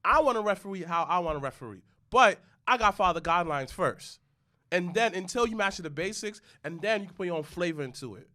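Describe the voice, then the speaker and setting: A man hosting a podcast in casual chat, slangy and excitable, riffing on wrestling. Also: high voice, fast talker. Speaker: podcast host.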